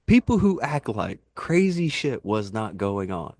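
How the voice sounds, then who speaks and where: A man in casual podcast chat, telling animated, rambling wrestling anecdotes and laughing at his own jokes. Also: lowish voice, unhurried, no room sound, studio quality. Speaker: podcast guest, wrestling YouTuber.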